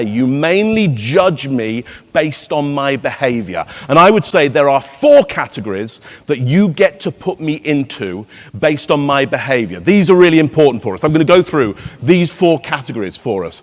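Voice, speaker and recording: A man's voice: a little high, very animated, moderate pace. A man giving a live conference keynote, playful and teasing the audience with rhetorical questions. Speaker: keynote speaker. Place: large conference hall. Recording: long hall reverb.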